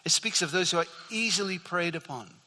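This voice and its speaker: Older male pastor, earnest sermon delivery, lightly raised pitch, hall reverb. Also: expressive, a little fast, bright, forceful tone. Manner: earnest, repeats key phrases for emphasis. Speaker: preacher.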